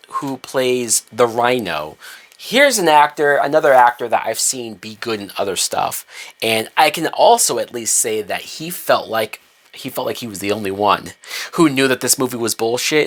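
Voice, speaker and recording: A male movie reviewer in the middle of a heated rant. He swears freely, and his voice jumps up in pitch and loudness when he wants to hammer a point home. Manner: heated, profane, emphatic swings in pitch and loudness.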